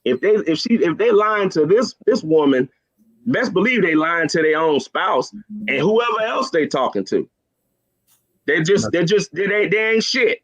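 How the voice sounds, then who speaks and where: A man's voice: sits high, big pitch swings, a little slow, fairly bright tone, lo-fi sound. A man arguing in a heated call-in debate, stammering over his words and speaking bluntly in slang. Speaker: panelist in a debate.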